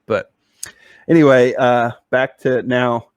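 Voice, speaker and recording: A man's voice: mid-range voice, steady tone, takes it slowly, clean tone. A man co-hosting a podcast, telling a long casual story, full of fillers and restarts. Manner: rambling, with many fillers and restarts. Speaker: podcast co-host.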